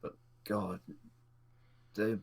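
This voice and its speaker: A man's voice: fairly low pitch, level tone, very slow, full character voice. A man voicing a shifty male informant, a wheedling gossip who speaks in a conspiratorial, folksy way. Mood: uneasy.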